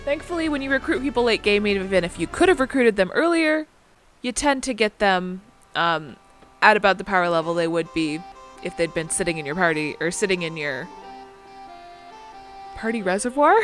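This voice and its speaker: A woman's voice: medium pitch, lively intonation, normal speed, soft background music. Chatty woman narrating gameplay. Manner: chatty, rambling, lots of fillers. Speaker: video game let's player. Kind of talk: casual gameplay commentary.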